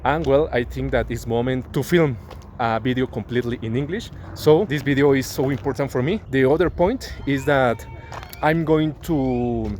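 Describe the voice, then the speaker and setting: A man's voice: medium pitch, moderate pace, a little mellow. Earnest Mexican man vlogging outdoors. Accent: Mexican Spanish. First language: Spanish. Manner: earnest, searching for words with restarts. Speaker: travel vlogger. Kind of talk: walking vlog, learner's English. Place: outdoors in a city park and along a busy avenue. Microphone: smartphone mic, then a clip-on wireless mic. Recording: phone recording with faint street noise.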